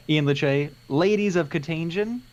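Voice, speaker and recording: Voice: mid-range voice, slow, darkish tone, highs cut off. A live stream co-host bantering casually during a miniature-painting session, joking and laughing often.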